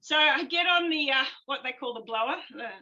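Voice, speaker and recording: High, bright woman telling stories. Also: a little fast, muffled recording. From Australia. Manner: animated storyteller who laughs often. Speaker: guest, former naval officer. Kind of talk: storytelling in a conversation.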